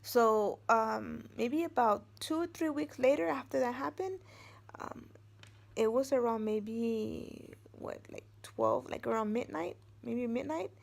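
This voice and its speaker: A woman's voice: a little high, unhurried, gravelly. A middle-aged woman vlogging from home, telling a personal story in a rambling, meandering way. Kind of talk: casual storytelling.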